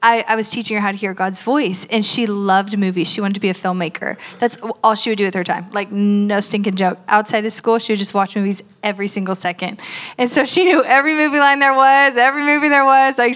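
Woman w/ a kinda high voice, bubbly casual chat, lots of ums and likes. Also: a bit bright. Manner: bubbly and chatty, many fillers. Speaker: spiritual mentor.

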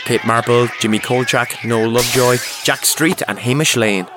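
Brief: male narrator, deadpan and punny, mid-range voice. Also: medium pitch, moderate pace, over music. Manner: wry, deadpan narration with puns. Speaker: narrator and lead player. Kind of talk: comic improvised narration.

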